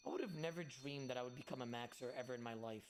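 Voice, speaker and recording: A man chatting casually to his livestream chat while gaming, animated and swearing freely. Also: mid-range voice, fast, faint music behind. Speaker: game streamer.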